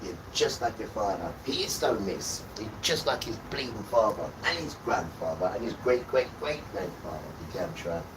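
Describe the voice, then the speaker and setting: A man's voice: lowish voice, animated, normal speed, few pauses. Scolding man, distant noisy mic. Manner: scolding, repetitive, hurls insults. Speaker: livestream host. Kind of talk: ranting sermon-like monologue. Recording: distant mic with loud background noise.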